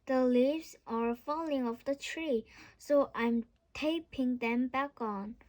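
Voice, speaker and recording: Brief: earnest, muddled witch cousin, high voice, read by a woman. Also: slow pace, a little mellow. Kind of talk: storybook read-aloud.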